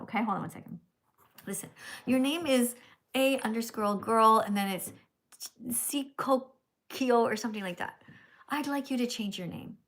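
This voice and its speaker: A woman hosts a live stream in a slightly high voice. She chats casually but slips into scolding, preachy lectures. She keeps tagging her lines with "okay?". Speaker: livestream host. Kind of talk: casual livestream chat and lecturing.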